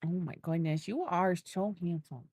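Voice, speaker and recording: A woman's voice: lowish voice, moderate pace, a little mellow, husky, no room sound, studio quality. A woman giving casual gameplay commentary, thinking aloud as she builds and cooing baby talk at an animal. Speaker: gaming video creator.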